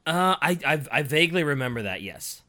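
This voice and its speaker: A reactive co-host who answers lore with slangy exclamations and eager questions. The voice is bright and forceful, leaping wildly up and down in pitch. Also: big pitch swings, fairly quick. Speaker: podcast co-host. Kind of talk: casual chat.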